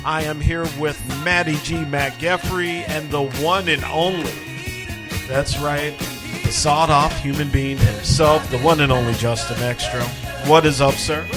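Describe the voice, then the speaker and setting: A male podcast host opening the show with hammy, sing-song introductions in a slightly high voice. Clear music plays behind him. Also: steady tone, moderate pace. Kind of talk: upbeat show opener.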